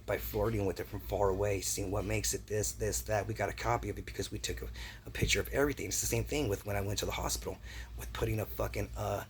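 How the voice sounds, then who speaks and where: A man's voice: on the low side, a little hiss or hum. A man delivering a rambling conspiracy rant, agitated and profane, repeating himself and throwing in rhetorical "right?" questions. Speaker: vlogger.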